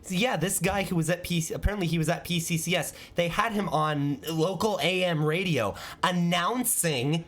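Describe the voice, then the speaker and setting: A man hosting a podcast, telling an animated, self-mocking story in casual chat. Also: sits high, moderate pace, few pauses. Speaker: podcast host.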